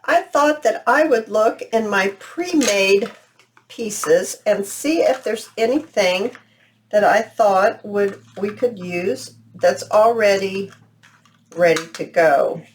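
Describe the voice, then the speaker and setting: A woman hosting a crafting video, thinking aloud in a chatty, unhurried way. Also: medium pitch, slight background noise. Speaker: crafting channel host. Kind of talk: casual craft tutorial narration.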